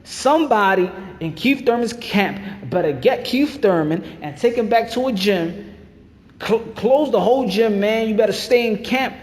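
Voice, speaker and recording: A man's voice: high-pitched, lively intonation, normal speed, darkish tone. A man rants about boxing, hammering the same points over and over. He sounds fired up and emphatic. His voice rings with a long reverb. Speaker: boxing channel host. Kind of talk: ranting commentary.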